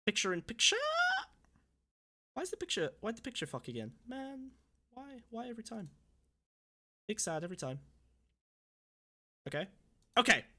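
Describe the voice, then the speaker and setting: Man, sore throat, casual stream chatter, swearing rants, bright tone. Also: high voice, big pitch swings, moderate pace, pauses often. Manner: swearing, ranting, mock-angry banter. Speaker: streamer host. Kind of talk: casual livestream commentary.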